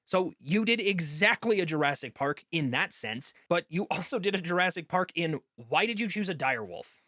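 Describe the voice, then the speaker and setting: A man's voice: sits high, lively intonation, moderate pace, sharp tone, no echo, studio quality. A man giving heated, exasperated commentary in a video essay, slipping into mocking quoted voices as he rants. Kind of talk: impassioned commentary.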